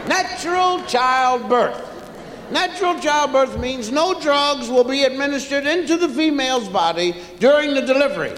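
A man doing stand-up storytelling on stage, drawing out his timing and breaking into loud chants and shouts. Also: extremely high pitch, expressive, normal speed, noisy background. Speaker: stand-up comedian. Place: large hall with a live audience. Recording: echoey hall, live stage recording.

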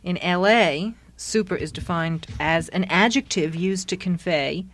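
A woman's voice: lowish voice, unhurried, hardly any pauses. A woman author being interviewed, telling wry anecdotes. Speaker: author guest. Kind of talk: radio interview.

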